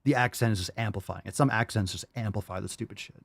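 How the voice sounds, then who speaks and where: A man's voice: on the low side, fast, creaky, no room sound, studio quality. A man hosting a livestream podcast, reacting to clips with a profane, exasperated rant. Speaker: podcast host.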